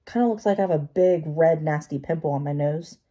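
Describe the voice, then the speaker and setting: A woman with a low, dark-toned voice talks fairly quickly while vlogging her makeup routine. Chatty and half talking to herself, she drops self-deprecating asides as she works.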